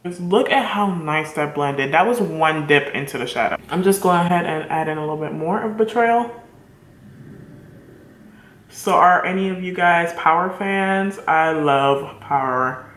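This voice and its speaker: A woman's voice: lowish voice, a little slow, fairly bright tone, slight background noise. A woman chatting enthusiastically to her viewers while doing a makeup tutorial, speaking to them directly. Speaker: beauty vlogger. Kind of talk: casual makeup tutorial chat. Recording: echoey room.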